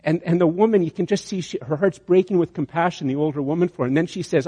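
A man's voice: fairly high pitch, quick pace, warm tone, breathy edge. Man preaching in a reverberant hall. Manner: storytelling, repeats words on restarts. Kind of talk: sermon with a story.

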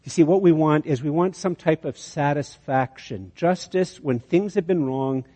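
A man's voice: fairly high pitch, moderate pace, dark tone, husky. A man preaching a sermon, telling a long illustration with many restarts and building to emphatic peaks. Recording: dull sound with long hall reverb.

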